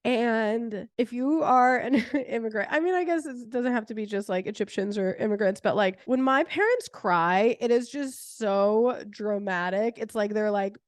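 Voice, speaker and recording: A woman's voice: on the high side, normal speed, hardly any pauses, no room sound. Chatty young woman, dry close sound. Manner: chatty, heavy use of "like" fillers; animated retelling with laughter. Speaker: podcast host. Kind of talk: casual personal storytelling.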